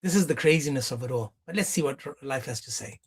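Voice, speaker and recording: A man hosting a live reaction stream, animated and mocking, with exclamations. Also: medium pitch, fast, slightly rough.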